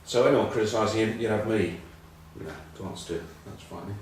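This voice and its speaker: A man's voice: fairly low pitch, fast, very echoey, far from the mic, slight background noise, poor audio. A middle-aged English man telling rambling, self-mocking rugby stories in casual chat. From England. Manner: rambling, self-mocking anecdotes with many ums. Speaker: rugby pundit.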